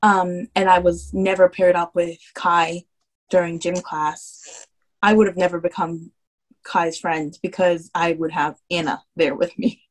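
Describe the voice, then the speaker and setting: A teenage girl co-hosting a casual podcast, earnest and quick to protest when teased. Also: on the low side, little pitch movement, rough recording. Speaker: podcast co-host. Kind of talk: casual chat among friends.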